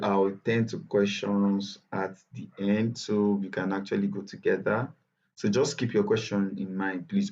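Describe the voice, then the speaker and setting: Chatty Nigerian man teaching a software class. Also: fairly low pitch, lo-fi sound. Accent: Nigerian English. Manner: chatty, repetitive, self-correcting. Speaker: bootcamp instructor. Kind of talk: live online tutorial.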